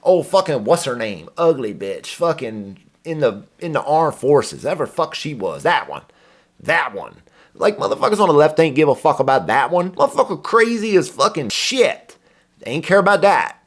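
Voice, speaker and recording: A man's voice: a little high, sing-song, normal speed. A man hosting a reaction commentary, ranting in a profane, exasperated way. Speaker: commentary host. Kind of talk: heated reaction rant.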